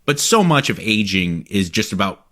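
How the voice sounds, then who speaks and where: Man, 40s, podcast co-host, lively storyteller, lots of pitch movement. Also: normal speed. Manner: storytelling, acts out quotes. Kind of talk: casual chat.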